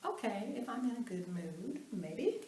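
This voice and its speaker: A woman giving a storytelling motivational talk at an event, animated, acting out the voices she quotes and laughing along. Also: mid-range voice, unhurried. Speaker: motivational speaker. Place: event hall. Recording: roomy hall, mic at a distance.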